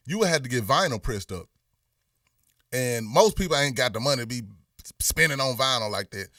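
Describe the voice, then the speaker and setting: A man's voice: mid-range voice, no room sound, studio quality, distant mic. A man with a Memphis Southern accent hosting a casual livestream, talking loosely and slangy and answering viewers in the chat. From Memphis, USA. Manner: slangy, animated when greeting viewers. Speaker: livestream host.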